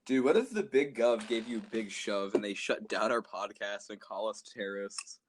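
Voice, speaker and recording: A man's voice: on the low side, moderate pace, slight background noise. A teenage man co-hosting a casual comedy podcast, joking and riffing with a laugh. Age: late teens. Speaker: podcast co-host.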